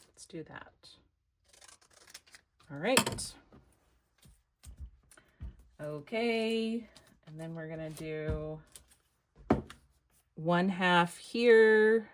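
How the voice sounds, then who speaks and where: A woman with an American accent, chatting casually to her viewers while she makes a collage, thinking out loud as she works. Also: lowish voice, slight background noise. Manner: chatty, thinks aloud, talks to viewers as y'all. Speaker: craft vlogger. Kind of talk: casual crafting chat to camera.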